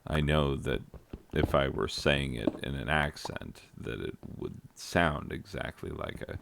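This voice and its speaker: Very deep, gravelly, slow-talking American man. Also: a bit bright, slight background noise. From United States. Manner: rambling, joking asides, frequent fillers. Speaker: gaming channel host. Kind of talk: rambling commentary while playing a video game.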